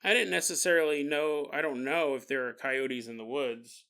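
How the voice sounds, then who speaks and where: A man's voice: on the high side, steady tone, moderate pace, sharp tone, smooth. A male podcast host telling a story in a casual, jokey way, often laughing and adding gross-out asides.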